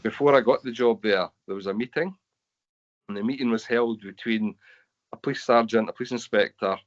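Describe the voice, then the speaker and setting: A man's voice: medium pitch, a little fast, muffled recording. A man with a Scottish accent, telling earnest personal stories with quoted dialogue in an online talk. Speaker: webinar speaker sharing lived experience. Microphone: video call.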